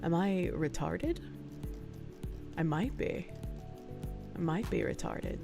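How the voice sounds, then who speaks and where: A woman's voice: fairly low pitch, wildly swooping pitch, slow, vocal fry, music in the background. A woman livestreamer chatting casually and reading viewer messages aloud with frequent thanks, feeling sick with nausea and hiccups, often laughing.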